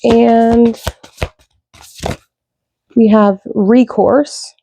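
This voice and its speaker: A woman giving a casual tarot reading, rambling with lots of fillers, slow when she reads out card meanings. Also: fairly high pitch, steady tone, warm tone, faint music behind. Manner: rambling, loose, with many fillers. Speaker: tarot reader.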